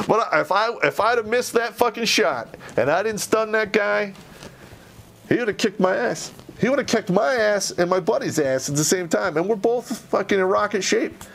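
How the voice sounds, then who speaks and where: A man casually telling an army anecdote, swearing constantly and retelling it with animated energy. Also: sits high, normal speed, gravelly. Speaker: army veteran storyteller.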